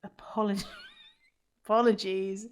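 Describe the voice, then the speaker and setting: A woman's voice: mid-range voice, little pitch movement, a little slow. A woman hosting a podcast in casual chat, joking at her own expense and swearing freely. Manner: self-mocking, swears freely. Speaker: podcast host.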